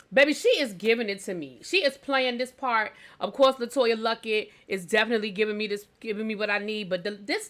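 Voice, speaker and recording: A woman's voice: fairly high pitch, fairly bright tone. A woman reviewing a TV episode for her channel, chatting animatedly and calling viewers baby and child. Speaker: TV show reviewer. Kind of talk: casual review chat.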